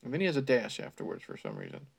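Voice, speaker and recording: A man's voice: mid-range voice, huge pitch swings, rapid-fire, gravelly, husky. A man doing a comedic read-aloud of bad fan fiction, breaking off into sarcastic, exasperated, profane asides. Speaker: reader.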